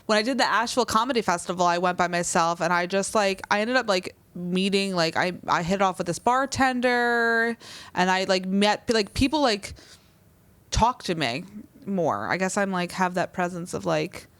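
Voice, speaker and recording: A woman's voice: medium pitch, normal speed, fairly bright tone, dry recording. A woman co-hosting a casual podcast chat, talking loosely and laughing often, with a New Jersey accent. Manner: chatty, laughs often, trails off. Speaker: podcast co-host.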